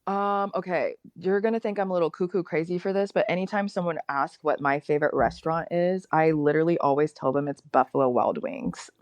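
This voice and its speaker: A young woman as a guest in a casual interview, upbeat and chatty and quick to laugh at herself. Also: deep voice, dry recording, muffled recording.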